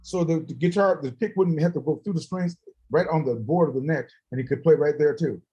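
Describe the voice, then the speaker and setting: A guest musician with a voice on the high side speaks briskly, telling stories in a casual chat. He's an animated storyteller who laughs often and acts out the voices of people he quotes; the recording has its highs cut off.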